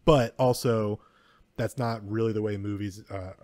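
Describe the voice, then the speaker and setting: A man's voice: lowish voice, steady tone, unhurried, a little mellow, no room sound. A man co-hosting a podcast, giving blunt, opinionated film takes and swearing casually. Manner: opinionated, swears freely, occasional stumbling. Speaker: podcast co-host. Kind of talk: casual film review chat.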